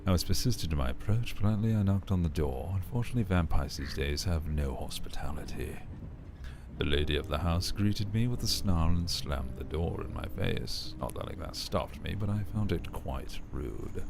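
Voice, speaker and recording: A man doing a deep, measured voice for a haughty male vampire. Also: expressive, gravelly, noisy background. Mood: aloof.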